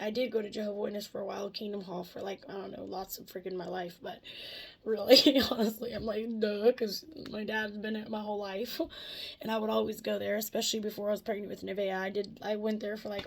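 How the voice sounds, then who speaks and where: A woman's voice: medium pitch, creaky, husky. A woman vlogger in a casual confessional talk, candid and rambling, swearing freely and laughing between thoughts.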